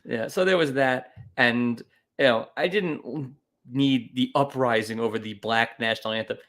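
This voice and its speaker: A man's voice: medium pitch, normal speed, fairly bright tone. A man co-hosting a casual comedy podcast with wry, offhand jokes. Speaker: podcast co-host.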